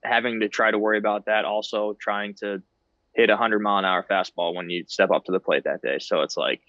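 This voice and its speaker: A man's voice: fairly low pitch, fairly even intonation, brisk, pushed and bright, no echo, muffled recording. A man in his thirties, a guest on a podcast, talking in an easygoing, self-deprecating way. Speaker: guest ballplayer. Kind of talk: casual interview chat.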